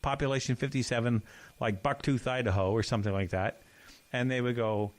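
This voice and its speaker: A man's voice: mid-range voice, steady tone, brisk, dry recording. A man co-hosting a podcast, telling folksy stories and jokes in casual chat. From Canada. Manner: folksy storyteller, jumps into put-on voices. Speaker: podcast co-host.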